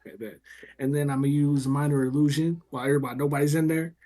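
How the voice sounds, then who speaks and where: A man describes his character's actions at a tabletop game. He is animated and joking, and his voice sits a little high. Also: racing. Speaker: player. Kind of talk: casual tabletop play.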